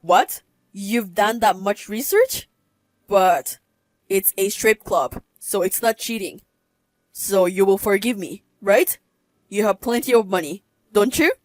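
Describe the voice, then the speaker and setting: A woman's voice: mid-range voice, slow pace, no room sound, voice pushed down, natural voice. A woman voicing a scheming young man in his early thirties who begs and wheedles after being caught lying. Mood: pleading. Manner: wheedling, begging for forgiveness.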